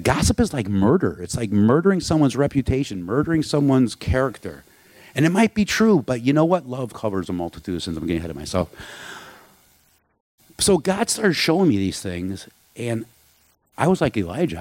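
Low-voiced man preaching candidly. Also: a little mellow, no room sound. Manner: conversational, candid preaching with asides. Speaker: pastor. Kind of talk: sermon.

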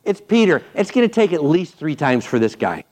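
A man preaching a sermon, telling the story playfully and swinging between loud bursts and hushed asides. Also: fairly high pitch, normal speed. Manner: animated, playful storytelling with sudden loud and quiet turns. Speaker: pastor.

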